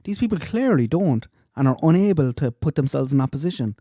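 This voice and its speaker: A man's voice: fairly high pitch, big pitch swings, brisk, mellow, dry recording, clean studio sound. Indignant man commenting on clips. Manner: indignant, rhetorical questions. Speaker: true crime channel host.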